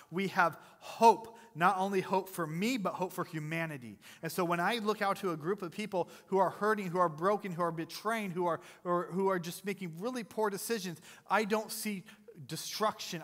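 A man's voice: high-pitched, fairly bright tone. A man preaching a sermon as pastor, conversational and jokey, quizzing the congregation between earnest points, in a church sanctuary. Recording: long hall reverb.

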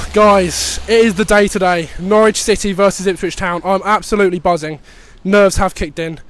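A young man vlogging on a city street before a football match, talking in an excitable way. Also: high voice, moderate pace. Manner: excitable, laughing. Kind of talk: match-day vlog.

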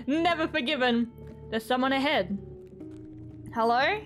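A young woman casually narrating her playthrough, pitched a little high and in no hurry. She teases and chats with the game's characters as if they were friends, over faint background music. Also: takes it slowly, fairly bright tone. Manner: playful, talks to game characters. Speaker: gaming YouTuber. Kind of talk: let's play commentary.

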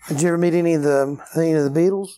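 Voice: mid-range voice, racing, warm tone. An interviewer asking eager questions and offering encouraging replies.

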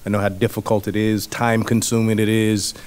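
Superintendent guy thanking the board, low flat smooth voice, lots of uhs. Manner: halting, many filler words, earnest. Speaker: school superintendent. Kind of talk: formal address at a meeting.

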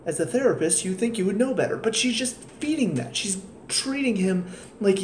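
A high-pitched, expressive male voice delivers a casual, sarcastic TV episode review at a moderate pace. He's exasperated and tired, ranting with sarcastic asides. There's a roomy echo, faint ambience, and a bit of hiss or hum.

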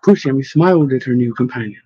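A man narrating a novel in steady scripted reading, with occasional slips. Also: medium pitch, fast talker, husky, no room sound, lo-fi sound. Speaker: audiobook narrator.

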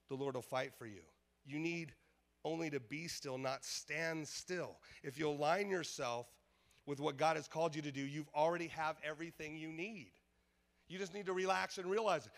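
Male pastor, sermon delivery; slightly high voice, emphatic, repetitive, call-and-response with the room. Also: moderate pace, fairly bright tone. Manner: emphatic, repetitive, calls out to the congregation. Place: church service.

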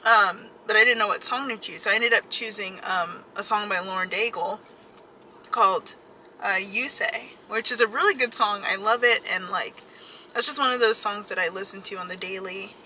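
A woman's voice: mid-range voice, normal speed, pushed and bright, a little hiss or hum, rough recording. A young woman vlogging casually from inside her parked car, chatty and giggly, talking to a dashboard camera. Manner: chatty, giggly, lots of filler "like". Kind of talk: casual vlog chat.

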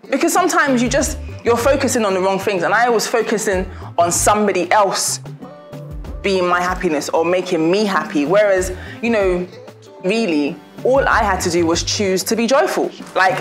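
A young woman vlogger, chatty and laughing as she gives warm, preachy advice in a casual talk to her viewers. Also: medium pitch.

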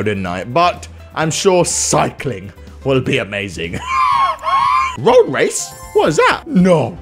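A young man giving loud, swearing let's-play commentary, breaking into excited shouts. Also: on the high side, gravelly. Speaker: gaming YouTuber. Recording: game music behind the voice.

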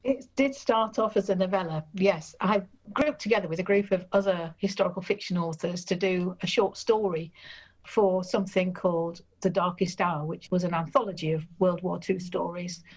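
Woman author reading her book then chatting, even tone, muffled recording. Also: fairly low pitch, moderate pace. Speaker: novelist guest. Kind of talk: reading aloud then interview. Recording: dull lo-fi recording.

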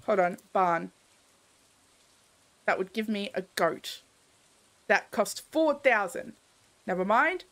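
A woman's voice: medium pitch, animated, slow pace, pauses often, a bit bright. A young woman commenting casually while streaming a game, grumbling to herself in theatrical exasperation.

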